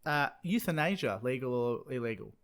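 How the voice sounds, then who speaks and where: A man's voice: medium pitch, lively intonation, moderate pace. A man with an Australian accent in a casual podcast chat, blunt and swearing freely. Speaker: podcast guest.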